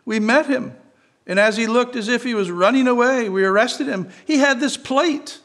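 A man's voice: very high-pitched, moderate pace, a bit bright, voice pushed up. A man reading the lines of a stern police corporal in a curt, official way.

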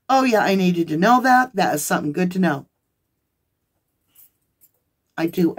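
A woman reading tarot cards for her viewers, excitable and gushing, talking straight to them. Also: mid-range voice, husky. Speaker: tarot reader.

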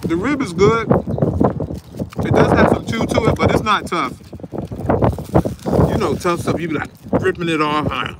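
A chatty vlogger with a high voice, originally from Newark, New Jersey, chews while speaking directly to viewers in a laid-back food vlog. He's unhurried, pausing often, with lively intonation and a slight sniffle. The setting is a windy outdoor parking lot, with faint wind audible.

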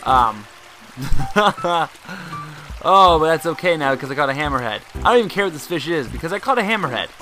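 This young gaming host's voice runs on the high side at a moderate pace as he gives rambling, talkative let's play commentary. Game music plays behind him, and he bursts into excited shouts.

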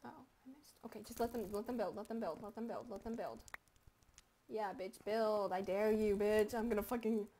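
A young woman giving casual gameplay commentary, crude and joking, with sudden loud outbursts. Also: medium pitch, moderate pace, a little hiss or hum. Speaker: gaming commentator.

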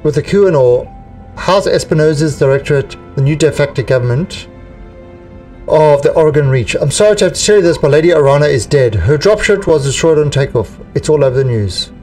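Man reading a steady merc XO, reassuring briefing tone, mic a bit distant. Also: fairly high pitch, a little fast, soft background music, natural voice. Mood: calm. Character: steady male mercenary executive officer.

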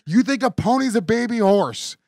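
A man's voice: sits high, moderate pace, vocal fry, dry recording. A man hosting a podcast, retelling a sitcom episode in casual chat, swearing a lot and mocking his sister. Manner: profane, mocking, animated retelling with voices. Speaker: podcast host. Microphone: studio mic.

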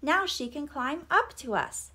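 A woman playing a bubbly, childlike little snowman from a storybook, high and bouncy with a lively, sing-song lilt. He is cheerful and easily excited. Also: a little slow, full character voice.

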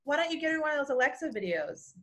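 A woman's voice: sits high, big pitch swings, fast talker, a bit bright. A woman from Texas, a choreographer, chatting as a guest on a video call in a friendly, teasing way. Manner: friendly, teasing, laughs easily. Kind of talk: casual video-call interview.

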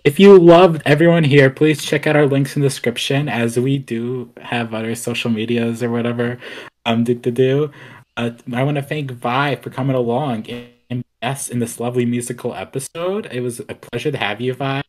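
A man's voice: mid-range voice, fairly even intonation, normal speed, a little mellow, rough recording. A young man hosting a casual podcast chat, rambling along with lots of "like" fillers. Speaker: podcast host.

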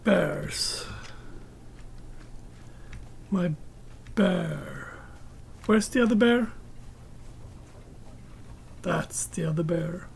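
Woman, game commentator, slow, mellow tone, talks to herself and her pets. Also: lowish voice, expressive, vocal fry, slight background noise. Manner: unhurried, muttering to herself and chatting to her tamed pets. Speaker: gameplay commentator. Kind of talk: casual gameplay commentary.

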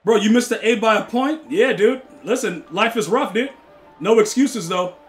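Man, high voice, gaming streamer, excitable, teasing banter with chat, swearing outbursts, faint music behind. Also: normal speed. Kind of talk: live game-stream chat with viewers.

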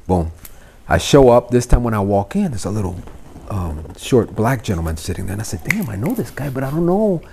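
Speaking fairly low, a little fast and with a creaky quality, this podcast guest spins casual stories and curses freely. He's a middle-aged Cuban-American from Miami who animatedly performs the voices of the people in his tales, and a slight hiss or hum runs under the audio.

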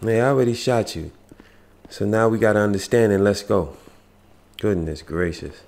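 Gravelly laid-back gamer guy. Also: on the low side, a little fast, a little mellow, roomy sound, slight background noise. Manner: laid-back, slangy, talks to game characters. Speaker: video game streamer. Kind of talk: casual gameplay commentary.

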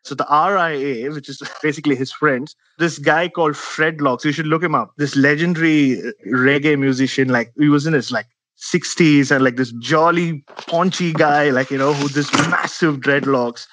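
A man, a guest journalist, telling a story in a casual podcast chat, lively and full of fillers, acting out the voices of the people he quotes. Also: fairly high pitch, normal speed, no room sound. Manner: animated, acts out quoted voices, filler-heavy.

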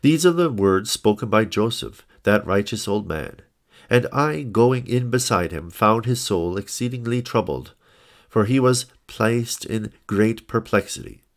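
A man narrating an old religious text in a solemn, measured reading style. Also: lowish voice, expressive. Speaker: audiobook narrator. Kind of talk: scripted scripture-style narration.

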